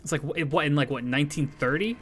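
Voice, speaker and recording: A man hosting a live stream, talking loosely and animatedly, with frequent swearing. His voice sits a little high for a man. Faint music plays underneath the talk. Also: quick pace, breathy edge. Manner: animated, swearing, rambling opinions. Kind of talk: casual stream chat.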